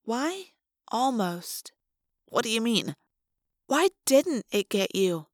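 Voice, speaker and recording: A woman reading an audiobook, voicing a sharp, thoughtful teenage girl who fires off quick, eager questions. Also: fairly high pitch, no room sound, studio quality. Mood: puzzled. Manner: quick questioning bursts, rising in excitement.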